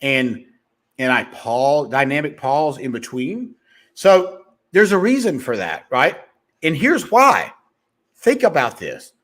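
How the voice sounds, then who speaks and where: A man talking fast as a sales coach, giving a rambling motivational monologue to his viewers with frequent restarts. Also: medium pitch, sing-song, a bit bright.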